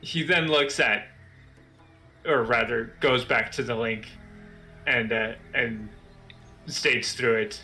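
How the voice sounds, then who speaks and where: A man narrating as game master for a tabletop game, halting with fillers. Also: mid-range voice, sharp tone, soft background music.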